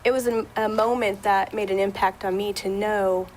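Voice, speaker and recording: A woman's voice: medium pitch, moderate pace, slight background noise, low-quality recording. Chatty woman audiologist on local TV. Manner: chatty, with many fillers and restarts; animated when retelling a story. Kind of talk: guest on a local talk show.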